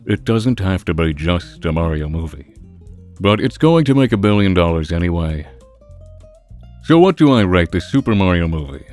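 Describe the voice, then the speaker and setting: A man's voice: low-pitched, very animated, normal speed, darkish tone, faint music behind. A man delivering an impassioned, opinionated critique of a film, earnest and ranting. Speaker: video reviewer.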